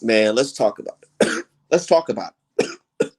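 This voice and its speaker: A man's voice: on the low side, expressive, unhurried, a little mellow. Heated, profane man ranting. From United States. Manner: heated, profane, repetitive emphasis. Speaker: streamer host. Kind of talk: casual livestream rant.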